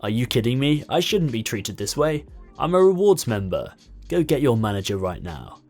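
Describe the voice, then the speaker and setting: A man's voice: on the low side, big pitch swings, moderate pace, a little mellow, soft background music. A man voicing an impatient, rude older mother who speaks in a demanding, scornful way. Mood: angry.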